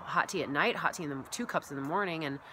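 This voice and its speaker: A massage therapist and wellness coach vlogs in a rambling, chatty monologue packed with "like" and "you know," often acting out her own past thoughts. Her voice is low with a sharp tone, she talks fast, and there's slight background noise.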